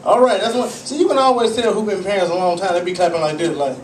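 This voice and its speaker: A male stand-up comedian telling profane, animated stories at a small cafe comedy night. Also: high-pitched, fast talker. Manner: profane, animated storytelling with acted-out voices. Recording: echoey room, distant mic, faint noise.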